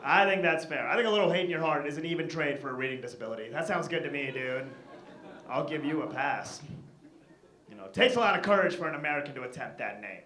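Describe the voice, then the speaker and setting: Standup guy, high voice, dry wry jokes, crowd noise in an echoey club. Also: lively intonation, sharp tone. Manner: dry, wry delivery with quick asides. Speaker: stand-up comedian. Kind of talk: stand-up set. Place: comedy club stage. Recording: echoey live room with audible crowd.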